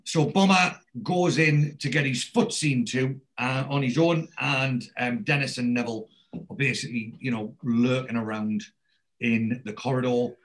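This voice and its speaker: A man's voice: mid-range voice, moderate pace, rough recording. A man casually retelling a TV episode, rambling with many ums and acting out the characters' lines.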